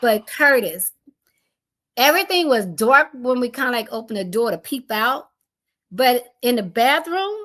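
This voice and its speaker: A middle-aged woman recounts a frightening day with lively, animated storytelling. She slips into the voices of her husband and children as she goes. Her voice sits a touch high for a woman. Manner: animated, acts out voices of family members. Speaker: homeowner telling her storm story. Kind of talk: emotional personal storytelling.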